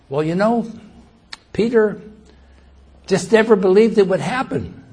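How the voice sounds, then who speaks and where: A man preaching a sermon, slow and emphatic, who reads scripture aloud and grows louder when quoting it. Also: high-pitched, lively intonation, breathy edge.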